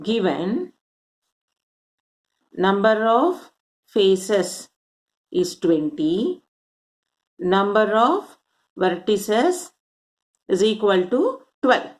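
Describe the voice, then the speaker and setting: Extremely slow and pausing often, a woman with a medium, sing-song voice leads a maths lesson. She goes step by step, counts aloud, and asks rhetorical questions as she explains.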